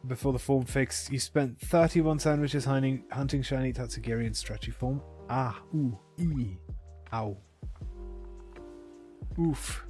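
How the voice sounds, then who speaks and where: A man's voice: mid-range voice, a little mellow. A man chatting casually with viewers during a live game stream, rambling and correcting himself as he goes.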